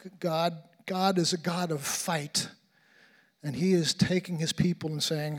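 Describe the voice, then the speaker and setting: A man delivers an impassioned sermon to a conference, his voice sitting a little high for a man. He often repeats a word several times as he builds to a point. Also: fairly even intonation, normal speed. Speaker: conference speaker.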